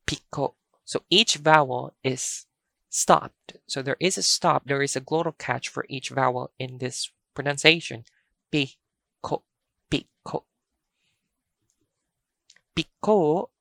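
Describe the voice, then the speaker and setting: A woman teaching a language lesson, speaking slowly and carefully and repeating each word for practice. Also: rumbling low, vocal fry, fairly bright tone, no echo, studio quality.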